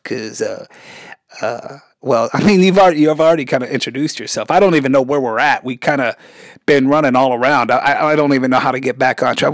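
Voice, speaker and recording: A male interviewer with a mixed military-brat accent who laughs along and keeps steering the talk back on track. His voice sits at a middle pitch and sounds dry and close, with no echo. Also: quick pace. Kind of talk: comedic interview.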